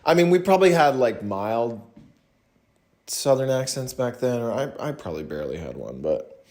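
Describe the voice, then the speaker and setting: A young man from the American South, chatting casually to viewers in a slow, rambling way with many pauses and restarts, in a put-on voice. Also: medium pitch, big pitch swings, a little mellow. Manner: talking in a put-on different voice today. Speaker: vlogger talking to viewers. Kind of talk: casual rambling livestream chat.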